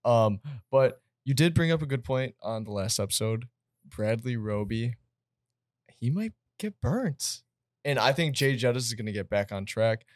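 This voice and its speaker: A young man hosting a casual sports podcast, upbeat and quick to laugh. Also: mid-range voice, expressive, no room sound, studio quality. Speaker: podcast host.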